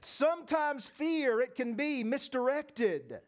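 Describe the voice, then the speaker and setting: A man's voice: extremely high pitch, big pitch swings, slow pace. A man preaching a sermon, emphatic and repeating his phrases as he speaks straight to the congregation. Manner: addresses the congregation directly. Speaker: pastor.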